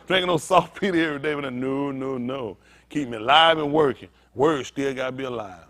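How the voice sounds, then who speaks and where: A pastor with a medium-pitched, fairly bright voice preaches at a fairly quick pace. Speaking straight to his synagogue congregation, he keeps things jokey and conversational.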